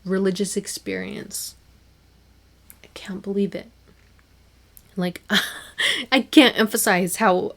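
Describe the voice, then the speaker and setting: A young woman talks through her solo podcast in a loose, chatty way, full of fillers and little laughs. Her voice sits at an ordinary middle pitch, and she stays animated throughout. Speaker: podcast host. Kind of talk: casual solo podcast chat.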